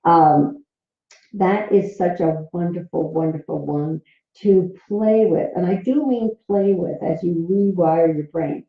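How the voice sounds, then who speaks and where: A woman dating coach giving gentle, encouraging self-help teaching and laughing often. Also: on the low side, slow pace. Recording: roomy, dull recording.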